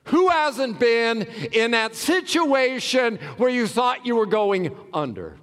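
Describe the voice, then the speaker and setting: A man preaching a sermon as a pastor, dramatic, swinging from loud cries to hushed words, in a church sanctuary. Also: very high-pitched, very animated, slow pace. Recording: long hall reverb.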